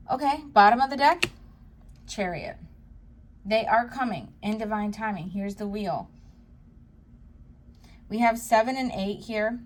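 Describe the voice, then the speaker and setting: A woman giving a tarot card reading to her viewers, talking to them directly in a soft, reassuring way. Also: mid-range voice, unhurried, pauses often, a little hiss or hum. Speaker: psychic tarot reader.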